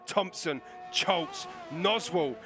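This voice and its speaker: A man doing live sim racing commentary, excitable and quick to laugh, often reading out the chat. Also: sits high, music in the background.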